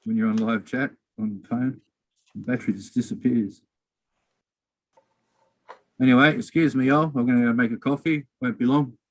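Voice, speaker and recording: A man's voice: medium pitch, steady tone, normal speed, long pauses, rough recording. An easygoing, chatty man hosting a casual live stream chat.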